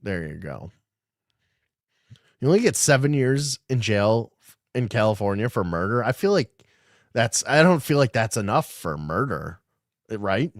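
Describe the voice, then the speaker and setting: A man's voice: lowish voice, very animated, measured pace, long pauses, no echo, studio quality. A man hosting a podcast, reading news articles aloud and riffing on them in an irreverent, swearing, casual way. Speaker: podcast host. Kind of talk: casual livestream commentary.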